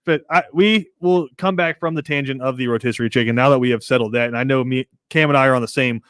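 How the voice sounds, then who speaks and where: A man hosting a casual sports podcast, chatting in an animated, talkative way as he tells stories. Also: mid-range voice, quick pace, clean tone, no echo, studio quality. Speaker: podcast host.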